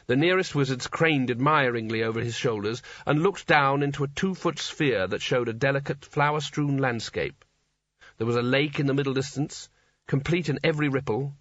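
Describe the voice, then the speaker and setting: A man giving a scripted story narration in a dry, wry, measured way. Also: mid-range voice, fairly bright tone, no echo. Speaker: audiobook narrator. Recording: dull lo-fi dry recording.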